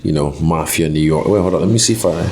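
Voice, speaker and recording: Very deep-voiced man chatting casually. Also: quick pace, background noise. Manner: relaxed, thinks aloud, self-correcting. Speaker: UFC fighter, interview guest. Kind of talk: casual interview chat. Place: quiet room on location.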